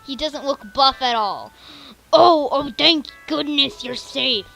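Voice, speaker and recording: A woman's voice: sits high, slow, creaky, bright, forceful tone, soft background music, exaggerated voice, rough recording. A woman doing a fawning, stammering pirate crewman.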